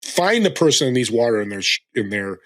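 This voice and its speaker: In a casual interview chat, a sixty-something podcast guest who hosts a show himself talks in a sing-song, brisk way with a mid-range, fairly bright voice. His tone is earnest and motivational as he pushes listeners to take action.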